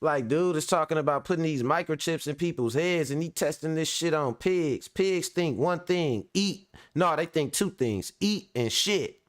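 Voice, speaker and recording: Smooth-voiced man, loose profane commentary. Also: a little high, normal speed, few pauses. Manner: profane, animated, laughing and joking. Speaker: host of a reaction show. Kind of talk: casual reaction commentary.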